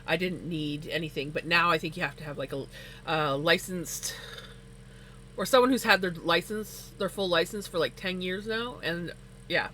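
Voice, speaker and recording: A woman hosting a casual livestream, chatting while she knits and telling stories with lots of laughter. Her voice shoots up high when she gets excited. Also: moderate pace, slight background noise, low-quality recording. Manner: animated storyteller, laughs often, voice climbs high when excited. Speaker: livestream host. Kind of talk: casual chat while knitting on stream.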